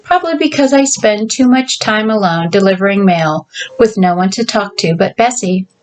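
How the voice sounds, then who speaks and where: A woman's voice: medium pitch, expressive, moderate pace, close to an everyday voice, rough recording. A woman voicing a playful young widowed woman who teases a patient in a mock-patronizing way. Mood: wry.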